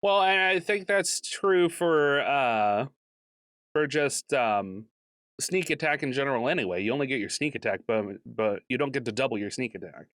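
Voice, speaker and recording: A man co-hosting a podcast in casual chat, animated and jokey, laughing often. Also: medium pitch, moderate pace, no room sound, clean studio sound. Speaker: podcast co-host.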